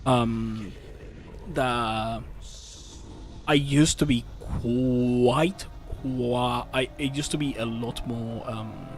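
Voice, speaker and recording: A man streaming a game, telling a story in a casual, animated rant with swearing and frequent restarts. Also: medium pitch, extremely slow. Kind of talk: casual chat while gaming. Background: faint game music.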